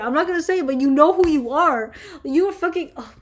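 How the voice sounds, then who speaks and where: A young woman vlogger answering viewer questions in a casual, heated rant, swearing constantly and filling every pause with fillers. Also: high voice, fairly bright tone. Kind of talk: casual ranting chat.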